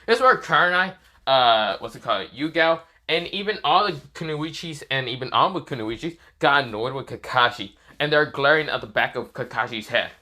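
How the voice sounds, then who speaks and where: A man's voice: mid-range voice, expressive, normal speed, sharp tone. A man improvising a fan-fiction story, rambling with many fillers and slips.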